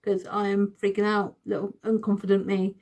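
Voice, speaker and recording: Woman in her thirties, mid-pitched, excitable and giggly, recounting a fan story for a vlog. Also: normal speed, a little hiss or hum. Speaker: vlogger. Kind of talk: casual storytime.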